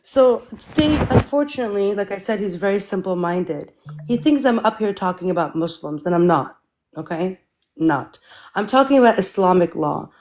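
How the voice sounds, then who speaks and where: A woman's voice: mid-range voice, lively intonation, moderate pace, a little mellow, a little hiss or hum. Woman lecturing in a heated debate. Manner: argumentative, lecturing, keeps saying right. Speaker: debate guest.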